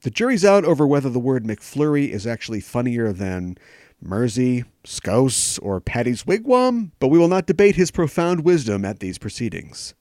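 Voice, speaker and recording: A man's voice: medium pitch, sing-song, normal speed, dark tone, dry recording, clean studio sound. A man hosting a podcast, giving jokey commentary full of sarcastic asides. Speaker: podcast host.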